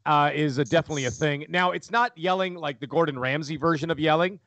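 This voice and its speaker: A middle-aged man, a podcast guest, telling his story in a loud, animated, casual way with many restarts. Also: fairly high pitch, fast talker, no room sound. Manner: animated, talks loudly with many restarts and laughs. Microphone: studio microphone.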